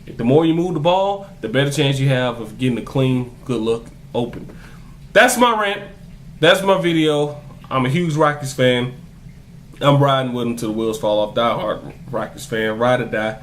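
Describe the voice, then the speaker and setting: A young man rants to his camera about his basketball team, heated and cursing, hammering each point twice. His voice sits at an ordinary middle pitch, with a faint hum of room ambience under it. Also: normal speed. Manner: heated, profane, repetitive emphasis. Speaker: basketball fan vlogger. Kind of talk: ranting sports commentary to camera.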